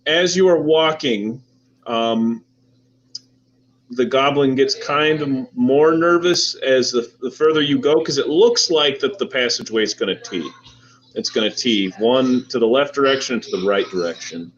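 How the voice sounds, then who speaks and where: A man's voice: mid-range voice, normal speed. A man running a tabletop game as game master, narrating loosely with many fillers. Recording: dull lo-fi recording with faint noise.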